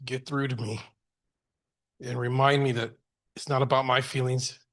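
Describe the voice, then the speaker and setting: A middle-aged man addresses a board meeting as a trustee, earnest and heartfelt. He talks in a middle pitch and often stops to restart a phrase. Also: fairly bright tone.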